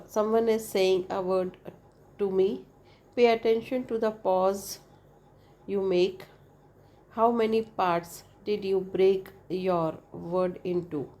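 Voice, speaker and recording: A woman teaches an English lesson at an unhurried pace. She repeats each point and spells out the vowels one by one. She checks in with the listener between steps. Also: medium pitch, darkish tone. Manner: frequent "right?" checks with the listener. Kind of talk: explanatory lesson.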